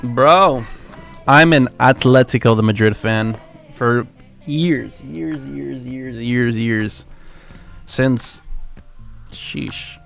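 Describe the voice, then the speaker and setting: A young man with a gravelly, fry-laced voice, rambling through a casual live-stream chat. He curses freely and talks in excitable, slangy bursts. Soft music plays faintly underneath. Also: medium pitch, slow. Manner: profane, excitable, slangy banter. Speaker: livestream trading host.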